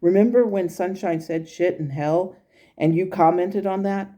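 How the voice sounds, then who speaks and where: A woman's voice: on the low side, steady tone, unhurried, mellow, voice pushed up, close to an everyday voice. A woman quoting the spirit of her late grandmother, who speaks frankly and lovingly, close to her own voice. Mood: indignant. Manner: frank and blunt, with affectionate asides.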